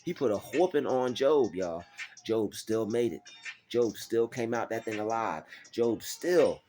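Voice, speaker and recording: A man giving a faith-based motivational talk, preachy and animated, acting out doubters in mocking voices. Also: on the low side, measured pace, faint music behind. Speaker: motivational vlogger.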